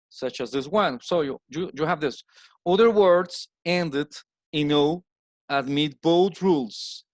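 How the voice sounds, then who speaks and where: Colombian man teaching English slowly. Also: a little high, no room sound. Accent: Colombian Spanish. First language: Spanish. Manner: repeats words slowly with stressed drills. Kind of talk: recorded slide lesson.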